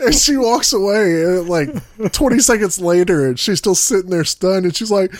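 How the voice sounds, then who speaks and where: A man tells a story in a casual chat, acting out the voices of the people in it. His voice sits a little high, and the sound is dry and close. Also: normal speed, no room sound. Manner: animated storyteller who acts out quotes.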